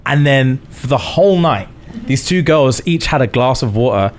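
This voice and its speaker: A podcast host, telling a laid-back story in casual chat and swearing casually. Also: male voice, mid-range voice, animated, normal speed.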